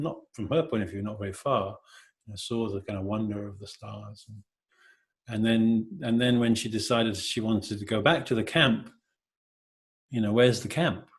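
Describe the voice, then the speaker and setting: A middle-aged man giving a gentle, halting meditation talk, full of hesitations and filler words. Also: lowish voice. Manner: gentle, hesitant, many "you know" fillers. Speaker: meditation teacher.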